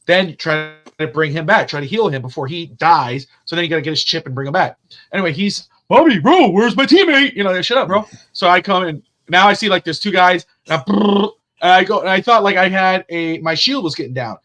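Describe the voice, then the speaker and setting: A man co-hosting a sports podcast, telling stories in a loose, animated way and swearing freely. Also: on the high side, fairly quick. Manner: animated, profane storyteller. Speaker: podcast co-host. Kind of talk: casual sports chat.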